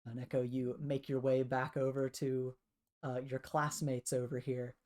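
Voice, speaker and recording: A man narrating a tabletop role-playing game as game master, relaxed and full of filler words. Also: medium pitch, measured pace. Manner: relaxed, filler-heavy narration with many uhs.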